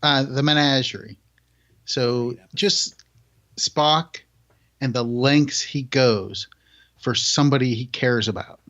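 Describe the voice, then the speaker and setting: Relaxed man on a dull, lo-fi line. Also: medium pitch, slow pace, pauses often. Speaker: podcast co-host. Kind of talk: casual chat.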